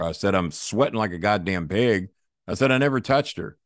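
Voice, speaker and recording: Profane storytelling man, low dry voice. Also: brisk, no room sound. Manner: profane, animated, acts out quoted voices. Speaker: guest storyteller. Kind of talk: casual storytelling interview.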